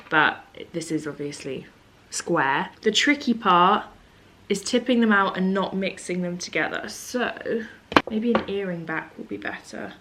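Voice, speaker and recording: A young woman with a slightly low voice talks straight to a camera on a tripod at home. She tells stories in a chatty, self-mocking way and keeps things lively and casual. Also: noisy background. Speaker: beauty vlogger. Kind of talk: casual vlog chat to camera. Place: home room at a table.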